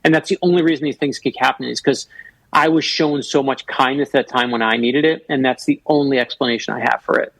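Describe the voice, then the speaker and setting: A man in his fifties, a guest author telling stories on a radio talk show with animated energy and quick restarts. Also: medium pitch, vocal fry, dry recording, low-quality recording. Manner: animated, fast storytelling with restarts.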